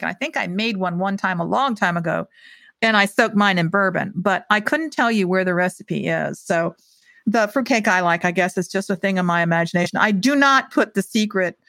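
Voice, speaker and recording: A woman's voice: lowish voice, moderate pace, a bit bright, no room sound. A woman author reading her own short story aloud with expression, and chatting casually and hesitantly about it afterwards.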